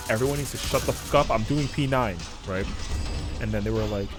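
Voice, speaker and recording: A man's voice: mid-range voice, brisk, over music. A man streaming a game, telling a casual story in slangy, profane talk and acting out what friends said. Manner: animated, slangy, profane, acts out quotes. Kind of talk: casual storytelling while gaming.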